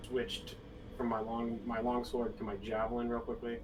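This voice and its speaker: A man's voice: mid-range voice, completely flat delivery, moderate pace, distant mic, noisy background. A man playing a tabletop game, uncertain and thinking aloud as he plans his move. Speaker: player. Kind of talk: casual tabletop game talk.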